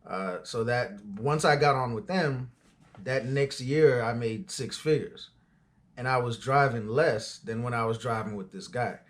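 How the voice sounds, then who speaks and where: A man's voice: mid-range voice, a little slow. A man of forty, an auto transport business owner, tells his story in a loose, conversational way with frequent fillers and asides. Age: 40s. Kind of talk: casual storytelling.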